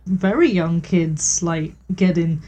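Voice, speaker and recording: A woman's voice: fairly low pitch, slow pace, mellow. A woman co-hosting a casual film podcast, blunt and crude, with a jokey manner.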